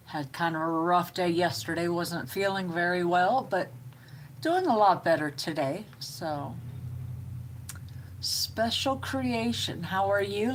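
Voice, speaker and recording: A middle-aged woman, hosting a live stream with slow, homey chatter and greeting viewers by name. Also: on the low side, a little hiss or hum. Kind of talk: casual live-stream chat.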